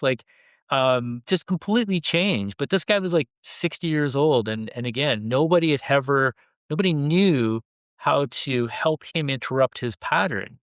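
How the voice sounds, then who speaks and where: A man's voice: on the high side, animated, normal speed, fairly bright tone, no echo. A man, an airline pilot and leadership coach, animatedly telling a workplace story with quoted dialogue on a podcast. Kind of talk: conversational storytelling.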